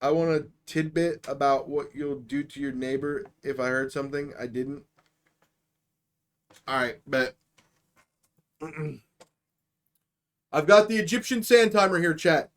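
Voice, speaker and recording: Man, live streamer, slightly high voice, swearing a lot, rambling comic rant, loud bursts then muttering. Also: unhurried, long pauses. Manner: loud, profane and excitable, jumping between shouting and low mutters; spins absurd hypothetical stories for the chat. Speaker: host of a live stream show.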